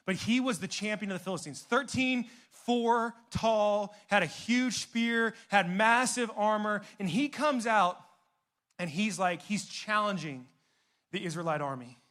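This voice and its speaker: A man preaching a youth sermon in a casual, animated, conversational way, full of slang and asides. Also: sits high. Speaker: youth pastor.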